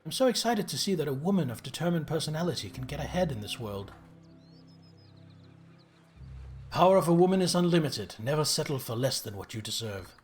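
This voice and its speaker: A man voicing an excitable young girl, the bored mayor's daughter, who gushes with breathless enthusiasm. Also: on the high side, fast, few pauses, faint music behind. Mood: gushing.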